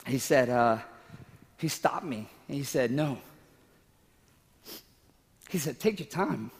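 A man's voice: medium pitch, slow, big-room sound. A man preaching a sermon, telling a personal story in a casual, emotional way, with laughing asides and moments where he fights back tears. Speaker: pastor.

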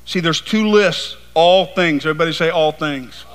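A man preaching a sermon with passion, dropping to hushed tones and then building to emphatic, rising lines. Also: on the high side, normal speed, smooth. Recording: long hall reverb.

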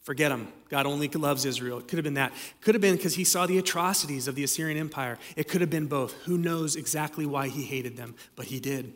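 Slightly high-voiced man preaching in a hall. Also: fast talker, few pauses. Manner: conversational preaching with dramatic readings. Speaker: pastor. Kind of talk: sermon.

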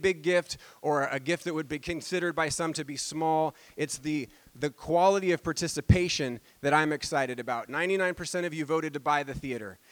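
A man pastor leads the announcements in a church sanctuary, openly enthusiastic about what the church is doing. His voice sits a bit higher than most men's. He speaks to the congregation with warm excitement. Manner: enthusiastic, upbeat.

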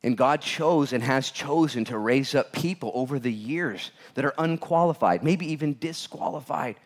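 A man's voice: medium pitch, normal speed. A man preaching a sermon as a pastor, telling stories with acted-out voices and jokes. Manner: animated storytelling, acts out voices of characters; jokey, laughs at own jokes.

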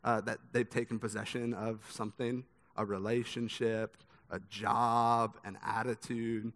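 A man's voice: on the low side, level tone, a little slow, fairly bright tone. A young man preaching a sermon, speaking conversationally with a lot of repeated words as he tells stories. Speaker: pastor. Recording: long hall reverb.

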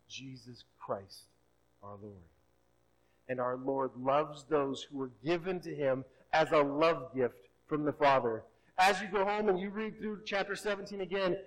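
A man with a high voice preaches as a pastor, his delivery swinging from hushed to strong. He slows down and draws out the words he wants to land. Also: rough recording. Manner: preaching with wide swings between soft and loud; slows and stretches key words for emphasis. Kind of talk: sermon.

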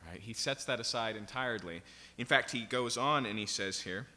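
This expository sermon comes from a male pastor whose mid-range voice is intensely bright and strong, moving at a moderate speed. Pressing every point, he keeps asking his listeners "right?" and "okay?" Long reverb from the large church hall rings around him.

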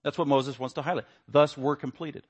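A man teaching a Bible lesson, stressing words and swinging between quiet asides and louder points. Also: a little high, fairly even intonation, a little fast.

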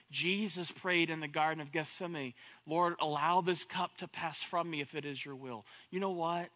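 A man's voice: fairly high pitch, steady tone, moderate pace, pushed and bright. A man preaching a sermon, repeating phrases and building to impassioned cries. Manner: repetitive, rising to impassioned cries at peaks.

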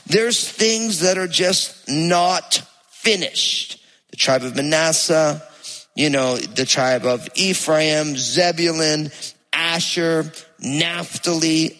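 Jersey accent pastor preaching, bright forceful voice kinda high, big echoey church hall. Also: male voice. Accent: New Jersey. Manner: conversational, animated preaching. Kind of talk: sermon with scripture reading. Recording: long hall reverb.

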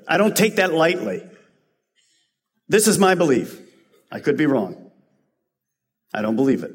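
A man's voice: a little high, sing-song, unhurried, long pauses, husky, long reverb tail. A man preaching a sermon as a pastor, earnest and rising to emphatic peaks.

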